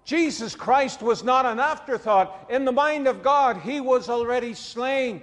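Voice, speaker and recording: Man, preacher, high voice, emphatic, conversational sermon, long church-hall reverb. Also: unhurried, fairly bright tone. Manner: conversational, emphatic, chuckles between points.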